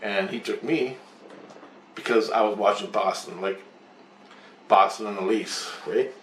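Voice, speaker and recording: A man's voice: fairly low pitch, a little slow, recorded from a distance, a little hiss or hum. Rambling, swearing man in an echoey room. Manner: profane, rambling storyteller who acts out both sides of the talk. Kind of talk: rambling casual monologue. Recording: roomy echo.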